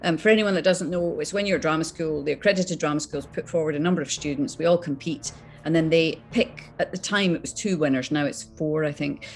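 A Scottish woman talks freely as an interview guest, full of asides and laughter. Her voice sits a little low for a woman. Faint music plays behind her. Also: fairly quick. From Scotland. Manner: chatty, laughing, lively asides. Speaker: voice actress guest. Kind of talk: casual interview chat.

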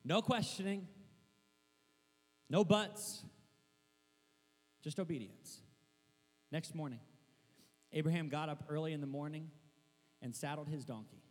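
Young male pastor, high voice, lively storyteller who shouts and laughs; recorded in a reverberant hall with mains hum. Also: a little slow, pauses often. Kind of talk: sermon.

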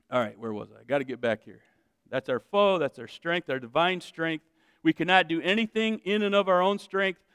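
A male pastor preaching a sermon with lots of energy, moving between loud shouted calls and quiet asides to the congregation. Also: a little high, smooth, no echo, clean studio sound, in a large hall. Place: church sanctuary with congregation.

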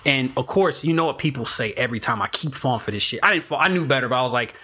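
A young man telling a rambling story among friends in a casual chat, animated and full of swearing and restarts. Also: mid-range voice, rapid-fire, breathy edge.

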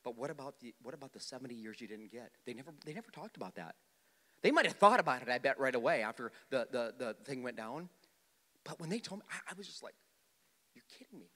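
Male pastor, mid-pitched, preaching in a reverberant hall; punchy emphasis alternating with hushed storytelling, frequent restarts. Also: big pitch swings, fast talker. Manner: swings from loud emphatic points to quiet subdued storytelling; repeats words, restarts, addresses the congregation directly. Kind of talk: sermon.

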